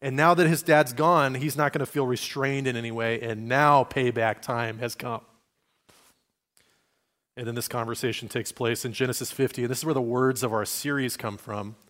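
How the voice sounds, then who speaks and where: A man preaching to his congregation in a relaxed, talky way. His voice sits at an ordinary middle pitch. He often slips into little quoted voices and restarts his phrases as he thinks aloud. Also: normal speed. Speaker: pastor. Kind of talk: sermon.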